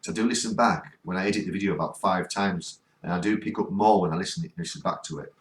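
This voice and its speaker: A man's voice: low-pitched, fast, echoey room. A man with a northern English accent hosting a ghost hunt, earnestly coaxing spirits to speak during a spirit box session. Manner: coaxing, earnest, keeps pleading for replies. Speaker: ghost hunting vlogger. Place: cold spot on a ghost hunt.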